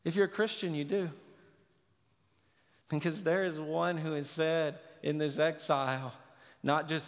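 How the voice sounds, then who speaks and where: A male pastor preaching a sermon earnestly, swinging between loud urgency and hushed tenderness. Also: a little high, steady tone, unhurried, pauses often. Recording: long hall reverb.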